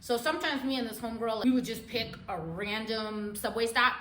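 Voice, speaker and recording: A young woman telling a wild personal story in a storytime vlog, laughing often and swinging between hushed and loud. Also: fairly high pitch, fairly quick, roomy sound, a little hiss or hum.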